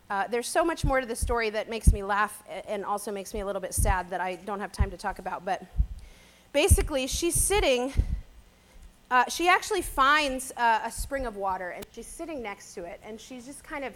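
A woman's voice: fairly high pitch, fairly bright tone. A woman giving a casual Bible teaching talk, chatty and conversational, often checking in with "right?".

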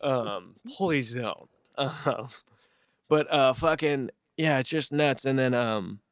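A man's voice: medium pitch, slow pace, dry recording, studio quality. A man chatting casually on a podcast, telling stories and acting out his coworkers' lines with lots of swearing. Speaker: podcast host. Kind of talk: casual chat, storytelling.

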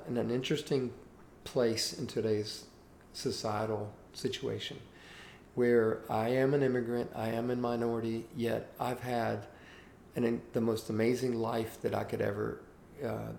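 Earnest older man with gravelly voice. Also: mid-range voice, measured pace. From Cuba. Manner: earnest, animated anecdote telling. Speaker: guest. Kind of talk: interview storytelling. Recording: roomy echo with faint background hiss.

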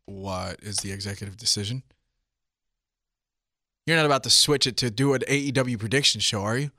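A man co-hosting a casual wrestling podcast, chatty and excitable, quick to chime in and agree. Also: mid-range voice, no room sound, clean studio sound. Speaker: podcast co-host.

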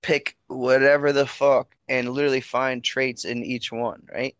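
Male host, loose and profane, lively storyteller, dry room. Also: mid-range voice, a little slow, no echo, muffled recording. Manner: heavy swearing, animated storytelling. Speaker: podcast host. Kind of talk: casual chat.

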